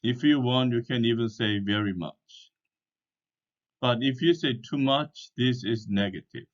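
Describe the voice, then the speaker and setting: A man teaching in a slow, deliberate way, spelling words out letter by letter and speaking. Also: mid-range voice. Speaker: English teacher. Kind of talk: slow explanatory language lesson. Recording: dull lo-fi recording.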